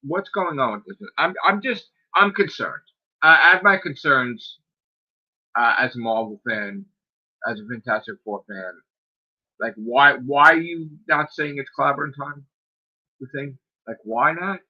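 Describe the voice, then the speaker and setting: A man's voice: mid-range voice, a little slow. A man hosts his own streamed talk show in a loose, profane rant. He keeps piling up rhetorical questions and fillers, sounding exasperated. The recording is a bit dull and lo-fi. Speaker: podcast host. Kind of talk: casual rant. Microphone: streaming microphone.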